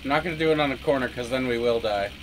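A man's voice: mid-range voice, racing, slight background noise. A man streaming a game, giving rambling, jokey commentary and often laughing at his own jokes. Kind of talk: casual gameplay commentary.

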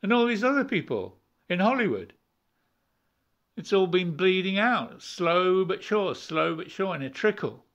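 Male preacher, high voice, informal rambling delivery with repeats and chuckles. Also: sing-song, measured pace, a bit bright, muffled recording. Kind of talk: informal sermon.

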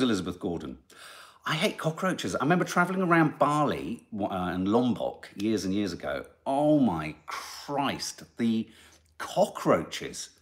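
A middle-aged man hosting a podcast, reading out listener comments and telling rambling, animated stories. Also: fairly low pitch. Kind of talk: casual chat.

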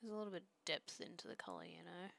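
Young aussie woman streaming while drawing, jokey rambly chat, bright clear voice, dry close mic. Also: lowish voice, fairly even intonation, rapid-fire, dry recording. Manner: joking, rambling, with trailing restarts. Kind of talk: casual chat while drawing pixel art.

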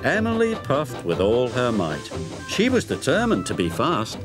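Animated storybook narrator, man. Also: mid-range voice, unhurried, over loud music. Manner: animated, storyteller's sing-song.

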